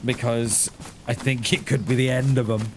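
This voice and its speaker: A man's voice: medium pitch, flat delivery, moderate pace, slight background noise. A man chatting casually while live-streaming a survival game, thinking aloud with lots of restarts and little chuckles.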